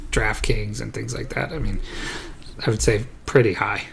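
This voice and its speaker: A man co-hosting a podcast, talking in a relaxed and hesitant way with many fillers. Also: lowish voice, moderate pace, gravelly, slightly rough. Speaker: podcast co-host. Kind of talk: casual chat.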